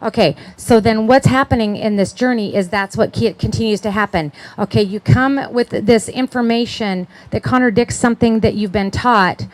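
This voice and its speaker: A woman's voice: fairly high pitch, normal speed, hardly any pauses. A middle-aged woman giving a chatty, conversational sermon at a conference, often checking in with her listeners and laughing. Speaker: conference speaker.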